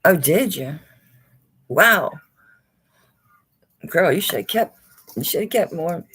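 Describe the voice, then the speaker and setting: Woman, live auction host, low voice, husky, animated, chatty, talks to her items. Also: normal speed. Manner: chatty, chuckles, talks to the items she holds. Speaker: jewelry seller hosting a live auction. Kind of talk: casual live-stream auction chat.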